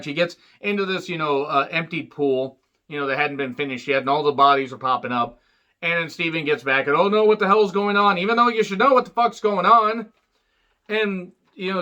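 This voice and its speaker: Bright-voiced man rambling through a film recap. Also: muffled recording. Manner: rambling and profane, with many fillers and wisecracks; jumps up in pitch when acting out quotes. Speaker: movie reviewer. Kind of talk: casual spoken film recap.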